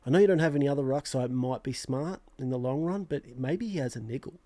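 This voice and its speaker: A man's voice: mid-range voice, fast, warm tone, no echo. A young Australian man hosting his own fantasy football channel, rambling in a casual, self-mocking way with lots of restarts. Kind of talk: casual vlog chat.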